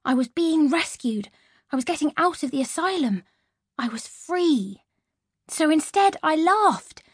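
A woman narrating an audiobook in the first person with a lively, expressive reading on a close studio mic. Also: high voice, unhurried, no echo.

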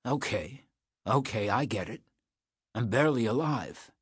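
A man's voice: medium pitch, animated, measured pace, husky, no room sound. A man voicing a sick teenage boy who grumbles and makes wry jokes. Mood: grumbling. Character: sick sixteen-year-old boy, grumbling and joking.

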